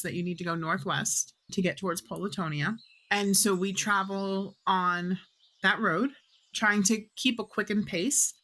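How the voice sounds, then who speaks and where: A woman's voice: mid-range voice, fairly bright tone. A woman narrating a tabletop game as game master, rambling with lots of fillers.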